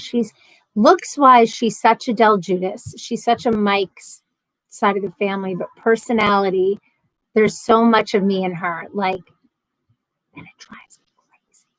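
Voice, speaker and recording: A woman's voice: medium pitch, slow pace, no room sound, poor audio. A woman in her thirties hosting a casual livestream from home, chatting and reading out viewer comments with lots of ums and restarts. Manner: chatty, rambling, frequent ums and self-corrections. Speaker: livestream host.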